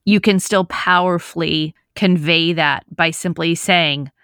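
A woman hosting a podcast, thinking out loud and building long questions. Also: fairly low pitch, fairly even intonation, unhurried, clear, resonant tone, dry recording, studio quality. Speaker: podcast host. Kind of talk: casual podcast chat.

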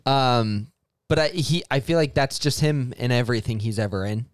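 A man's voice: mid-range voice, moderate pace, no echo. A man co-hosting a podcast, chatting casually and agreeably, often starting with a hesitant stammer. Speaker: podcast co-host. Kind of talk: casual chat.

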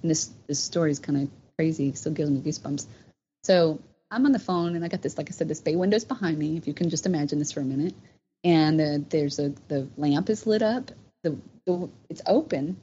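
Middle-aged woman, low dark voice, animated storyteller, dull noisy recording. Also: a little fast. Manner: animated, many fillers. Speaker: guest telling a personal story. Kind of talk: casual storytelling. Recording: dull, slightly noisy sound.

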